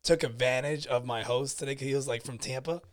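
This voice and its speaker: A man's voice: mid-range voice, a little fast, no echo. Blunt man co-hosting, dry close sound. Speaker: podcast co-host and comedy night organizer. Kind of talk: casual podcast chat.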